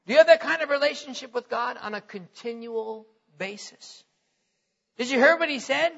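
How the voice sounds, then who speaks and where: A man preaching a sermon who reads scripture aloud and asks his listeners direct questions, swinging between soft questioning and loud, earnest declaring. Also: extremely high pitch, normal speed, vocal fry. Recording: echoey hall, dull lo-fi sound.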